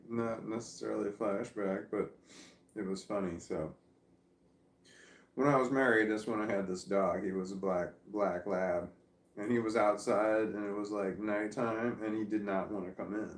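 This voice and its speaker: A man talks on and on at home, sleepy and meandering, pleased with his own stories. His voice sits a little low. The room gives it a noticeable echo. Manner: meandering, chatty, self-amused. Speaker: vlogger. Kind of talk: casual rambling monologue.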